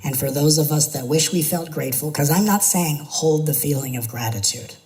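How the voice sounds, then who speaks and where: A man's voice: a little high, a little fast, a little mellow, rough recording. A man, a spiritual teacher, giving an earnest talk to an audience, building his points through repetition and now and then slipping into playful mimicry.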